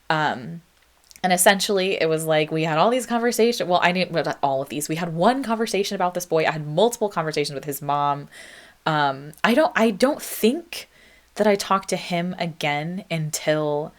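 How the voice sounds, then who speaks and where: A young woman with a low-pitched voice talks through a solo podcast episode. She is reflective and chatty, full of ums and likes, and she reads out her old song lyrics as she goes. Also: animated, normal speed. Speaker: podcast host. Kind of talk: casual solo podcast monologue.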